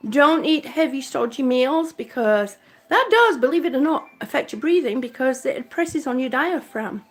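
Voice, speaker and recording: Holding a phone or camera in hand, a woman vlogs live from home, chatting loosely and calling out viewers by name with thanks. Her voice is high-pitched and expressive, with a moderate pace.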